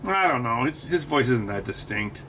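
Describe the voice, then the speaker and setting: A man's voice: medium pitch, normal speed, fairly bright tone, recorded from a distance, slight background noise. A man hosting a livestream, chatting casually and joking at his own expense while he builds. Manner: self-mocking, joking, trying impressions. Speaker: host.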